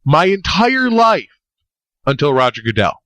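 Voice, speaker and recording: A man's voice: a little high, big pitch swings, measured pace, a bit bright, no echo. A young man co-hosting a podcast in casual chat, rambling, swearing and joking. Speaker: podcast co-host.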